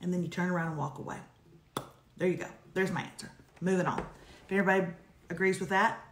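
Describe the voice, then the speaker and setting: A woman co-hosting a casual live advice chat, talking in a sassy, emphatic, animated way. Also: fairly low pitch, fast talker, a little hiss or hum. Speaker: co-host giving advice. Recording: echoey room.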